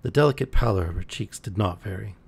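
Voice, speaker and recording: A man reading a novel aloud on a live stream, relaxed, with the odd slip and restart. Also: lowish voice, quick pace, vocal fry, husky. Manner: relaxed, with occasional slips and restarts. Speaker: audiobook reader on a live stream. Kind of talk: reading a novel aloud, voicing characters lightly.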